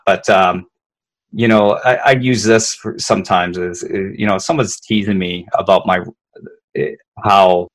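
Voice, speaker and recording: Speaking in a low-sitting voice, a man who works as a leadership consultant talks through emotions conversationally. He repeats words a lot and keeps checking in with "right?"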